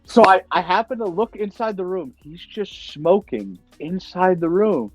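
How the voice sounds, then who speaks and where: A young man hosting a casual chat, telling lively anecdotes and acting out the voices of people he quotes. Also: sits high, a little slow, muffled recording, over music. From United States. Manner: animated storyteller, acts out quoted voices. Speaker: podcast host.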